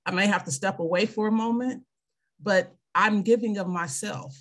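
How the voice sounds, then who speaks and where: Over a video call, a woman in her fifties who is a veteran and clinic worker reads scripture, then speaks earnestly about faith and service from personal experience. Her voice is medium in pitch at a moderate pace.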